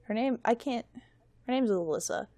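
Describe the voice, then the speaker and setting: A woman's voice: on the high side, normal speed, warm tone, no echo. Young woman guest, self-mocking storyteller, rambling podcast chat, dry close sound.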